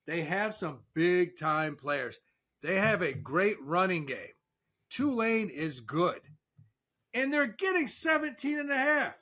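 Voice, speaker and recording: Brash betting host dude, kinda high, sharp bright voice, swears, goes on hunches. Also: male voice, animated, measured pace. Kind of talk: casual sports betting chat.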